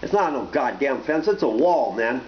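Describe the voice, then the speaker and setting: A vlogger rants casually to camera with blunt, profane opinions, rambling from one point to the next. His voice is medium-pitched and very animated at a moderate pace. The roomy, dull, lo-fi home recording carries a slight hiss or hum.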